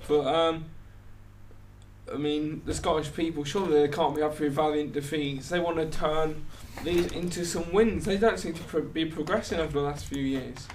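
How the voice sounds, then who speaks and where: A man's voice: on the high side, fairly even intonation, moderate pace, slight background noise. A young man co-hosting a casual podcast, playful and teasing. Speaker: podcast co-host.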